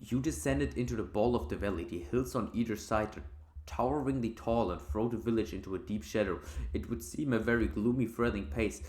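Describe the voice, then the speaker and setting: A man hosting a let's play, reading gamebook narration aloud and adding quick, casual, offhand asides. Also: lowish voice, darkish tone. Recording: roomy echo.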